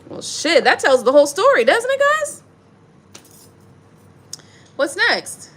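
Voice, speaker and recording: A woman giving a casual, playful tarot reading, talking in an animated way full of slang and laughter. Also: very high voice, takes it slowly. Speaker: tarot reader.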